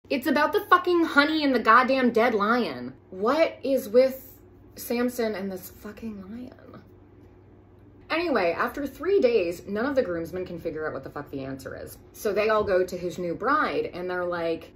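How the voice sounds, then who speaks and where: A woman's voice: medium pitch, sing-song, normal speed, a bit bright, a little hiss or hum. A woman retelling an old story as campy comedy, with profane, incredulous asides.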